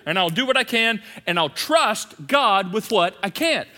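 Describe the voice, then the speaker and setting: A man preaching a sermon as pastor, swinging between loud emphatic repetition and hushed asides. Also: sits high, expressive, unhurried. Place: large church hall. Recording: long reverb of a big hall.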